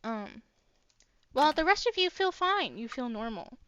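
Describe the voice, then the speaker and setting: Unhurried, high-voiced woman game master. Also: very animated, a bit bright, clear, resonant tone, no echo. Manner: unhurried, many fillers. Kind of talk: narrating a tabletop game. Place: home streaming setup. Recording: dull lo-fi stream mic.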